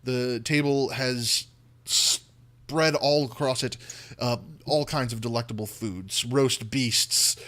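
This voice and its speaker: A man narrates a tabletop fantasy game as its dungeon master, painting each scene in vivid detail. He pauses often on "uh" and "um" as he builds the picture, with a voice of ordinary middle pitch. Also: fairly even intonation, a bit bright. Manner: vivid descriptive narration with frequent fillers.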